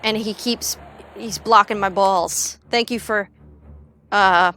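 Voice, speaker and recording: A woman's voice: mid-range voice, fairly even intonation, slow pace, sharp tone, soft background music. A young woman chatting casually on a gaming livestream, rambling and joking with frequent swearing. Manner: rambling, jokey, swears freely. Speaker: streamer.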